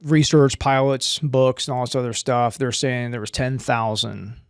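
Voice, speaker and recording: A man's voice: medium pitch, smooth, no echo, studio quality. A middle-aged American man, a former Marine guest, telling a combat story in a casual interview and acting out the dialogue. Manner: animated, acts out dialogue in quick bursts.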